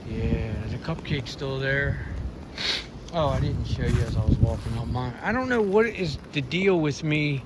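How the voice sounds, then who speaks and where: Outdoor vlogger, male, rambling and apologetic, handheld phone mic buried in loud wind noise. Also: medium pitch, animated, normal speed. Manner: rambling, apologetic, self-questioning. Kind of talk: casual walking commentary. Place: outdoors in woods.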